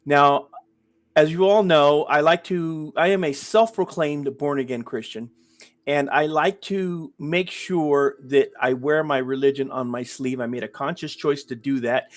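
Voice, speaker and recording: Guy ranting on his livestream, slightly high voice, hammers words over and over, joking with chat. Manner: emphatic, repetitive ranting with mock chat banter. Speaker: livestream host. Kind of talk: live stream chat. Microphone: webcam framed at the beard.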